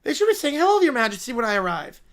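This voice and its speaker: Man doing a pint-sized pampered furry monarch, high-pitched and loud, whining nonstop. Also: sing-song, rapid-fire, exaggerated voice. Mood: annoyed. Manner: whining, petulant, demanding. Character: spoiled tiny furry royal creature, whiny. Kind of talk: read-aloud donation story.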